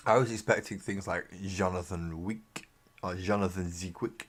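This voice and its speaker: A deep-voiced English man talks loosely through a live stream while he works on models at his desk. He rambles and mocks himself, and his words often trail off into mumbles. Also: fairly even intonation, takes it slowly. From England. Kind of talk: casual live-stream chat while building miniatures. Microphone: desk mic on a live webcam stream.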